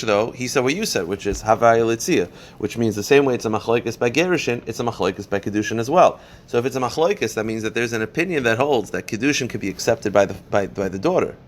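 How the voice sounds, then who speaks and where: A man, a rabbi, leading a daily Talmud class. He explains step by step, asking questions and answering them, and reads Aramaic passages quickly before translating them. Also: mid-range voice, slight background noise.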